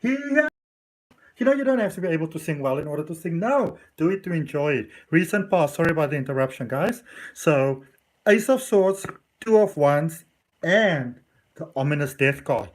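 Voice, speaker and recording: A man's voice: on the high side, lively intonation, normal speed. A man giving a chatty, affectionate tarot reading at home. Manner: effusive and affectionate, chatty with many "you know"s. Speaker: tarot reader. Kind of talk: casual tarot reading to camera.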